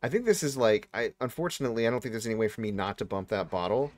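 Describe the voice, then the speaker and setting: A man streaming a horror game, talking casually and tired, breaking into sudden loud yelps. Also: mid-range voice, animated, racing, a little hiss or hum. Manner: reacts loudly with sudden yelps. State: tired, yawning. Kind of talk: casual let's-play commentary.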